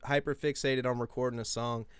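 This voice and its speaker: A man in his twenties telling rambling, profane stories in casual podcast chat, breaking into yelled quotes. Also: mid-range voice, a little fast, smooth, dry recording. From US West Coast. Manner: rambling, profane, animated, yelling out quoted lines.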